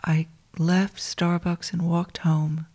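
A woman telling a personal story to listeners she calls dear friends, in a soft, intimate way that often drops to a whisper. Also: fairly low pitch, flat delivery, slow.

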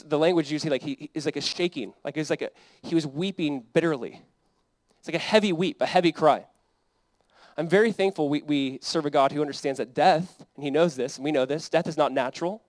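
A man's voice: fairly high pitch, no room sound. A young adult man, a pastor, preaching a sermon in an earnest, conversational way that builds to emphatic peaks.

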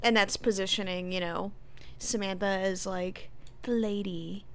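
A woman's voice: mid-range voice, steady tone, a little slow, smooth. A young woman co-hosting a casual podcast, animatedly retelling TV scenes and acting out the lines. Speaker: podcast co-host recapping a TV episode. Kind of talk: casual chat.

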